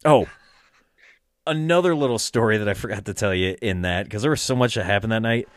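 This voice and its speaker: A man's voice: fairly low pitch, brisk, no echo, studio quality. A young man telling a long, rambling story in casual chat, with lots of fillers and swearing, often breaking into laughter.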